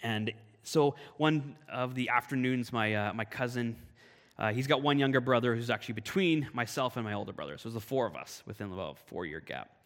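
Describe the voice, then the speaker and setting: A man from Canada giving a sermon, telling a personal story in a lively, animated way. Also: mid-range voice, brisk. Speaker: pastor. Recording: long hall reverb.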